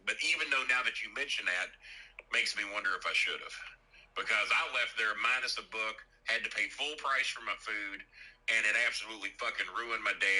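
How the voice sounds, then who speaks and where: A man's voice: on the low side, bright, forceful tone, slightly rough, low-quality recording. A man telling a story as an indignant, profane comic rant, cursing and repeating himself.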